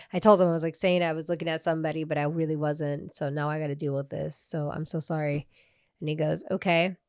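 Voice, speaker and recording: A young woman co-hosting a podcast, telling a story in animated, casual talk and acting out quotes. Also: sits low, quick pace, smooth, dry recording, studio quality. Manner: animated, swears, acts out quotes, laughs often. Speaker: podcast co-host.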